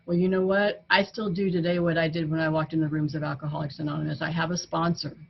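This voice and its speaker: A woman's voice: sits low, flat delivery, fast talker, creaky. An older woman giving an earnest, conversational personal testimony as the speaker at a recovery meeting. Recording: dull lo-fi recording with faint noise.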